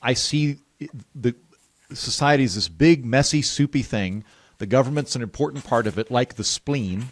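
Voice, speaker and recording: A man's voice: mid-range voice, dry recording. Casual man hosting, dry close sound. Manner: informal, quick asides, laughs easily. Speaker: podcast host. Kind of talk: casual interview chat.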